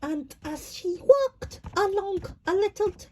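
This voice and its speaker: High-pitched woman narrator, halting storybook read with many restarts. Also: animated, dark tone, slight background noise.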